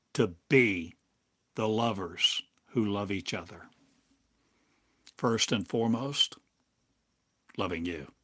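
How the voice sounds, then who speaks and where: An older man delivers a meditative spiritual talk in a low, husky voice. He lingers on each short phrase and leaves long pauses between them. The pace stays unhurried throughout. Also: a bit bright. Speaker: spiritual teacher. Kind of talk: slow meditative spiritual monologue. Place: home in a small town, drinking coffee.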